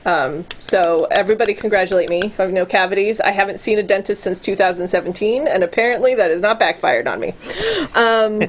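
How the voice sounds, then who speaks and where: A woman's voice: medium pitch, fairly quick, slight background noise, low-quality recording. A young adult woman in casual chat, talking freely with plenty of fillers, swearing and laughter. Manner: chatty and profane, laughs often, many fillers.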